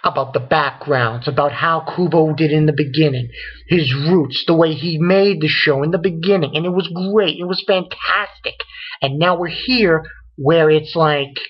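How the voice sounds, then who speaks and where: A man's voice: on the high side, normal speed, breathy edge, lo-fi sound. A man hosting his own channel, rambling through a casual review rant and stringing events together with "and then". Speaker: manga reviewer, channel host.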